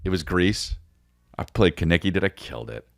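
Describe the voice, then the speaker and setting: Rambling, animated comedian man. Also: low-pitched, a little fast, gravelly, no echo, clean studio sound. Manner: rambling, animated, breaks into silly voices. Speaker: podcast host. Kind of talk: comedic monologue.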